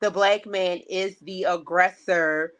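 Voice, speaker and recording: Her voice fairly low and her pace unhurried, a woman co-hosting a podcast recounts a story in relaxed chat, animatedly voicing the quoted lines of its characters. The highs in the recording are cut off.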